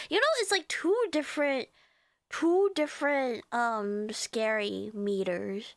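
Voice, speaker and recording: A giggly young woman streams and chats casually with her viewers. Her voice sits high and swoops around a lot. The sound is dry and close, with no room around it. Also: big pitch swings, measured pace, no echo. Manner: bubbly, giggly, reading chat aloud. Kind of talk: casual live-stream chat.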